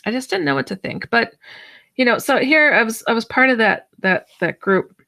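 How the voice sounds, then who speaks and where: A paranormal researcher appearing as a guest in an online audio chat tells a personal story, animated and rambling with many false starts. She speaks at a normal speed in a creaky voice, and her pitch shoots up excitably whenever she acts out her own reactions.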